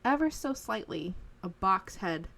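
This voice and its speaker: A woman's voice: mid-range voice, very animated, a little slow, creaky, fairly bright tone. A woman narrating a tabletop game as game master in a casual, rambling way full of fillers.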